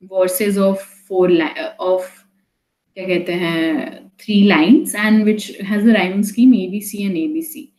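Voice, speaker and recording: A woman's voice: mid-range voice, fairly even intonation, moderate pace, darkish tone. A young woman with an Indian accent tutoring a student in a casual, chatty way, slipping Hindi into her English and full of fillers and restarts. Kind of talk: online poetry lesson. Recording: echoey room.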